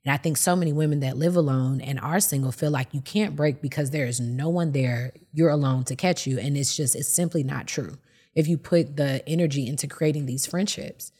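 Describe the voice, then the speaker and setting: A woman's voice: deep voice, a little fast, warm tone, slightly rough. A woman hosting a podcast, candidly telling a personal story and acting out quoted lines. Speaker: podcast host. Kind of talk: casual chat.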